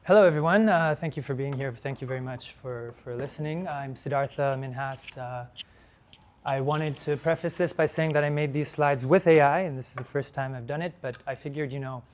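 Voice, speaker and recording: A man's voice: mid-range voice, fairly quick, darkish tone, slight background noise. A young man giving a conference talk, hesitant, with frequent fillers and restarts. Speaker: lecture speaker. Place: lecture hall.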